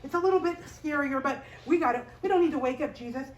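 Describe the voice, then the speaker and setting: A woman's voice: high-pitched, fast, close to an everyday voice. A woman voicing a group of fishermen who keep reassuring themselves, in a children's Bible story. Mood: self-assured. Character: group of fishermen, confident then worried. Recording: roomy sound from a distance.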